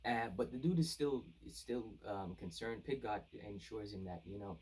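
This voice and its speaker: A man's voice: fairly low pitch, moderate pace, few pauses, a little mellow, husky. A man giving a casual, rambling manga chapter review, full of fillers and restarts. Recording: voice distant from the mic.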